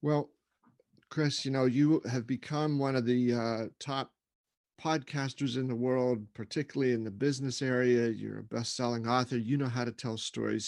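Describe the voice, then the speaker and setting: A man's voice: mid-range voice, gravelly, a little mellow, no echo, clean studio sound. A man hosting a podcast, welcoming his guest in a friendly way. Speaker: podcast host. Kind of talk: casual chat.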